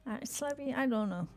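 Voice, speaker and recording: A woman's voice: high-pitched, darkish tone. Playful cursing woman streaming a game. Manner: playful, swears freely, talks to her game character. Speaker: gaming streamer. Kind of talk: casual live-stream commentary.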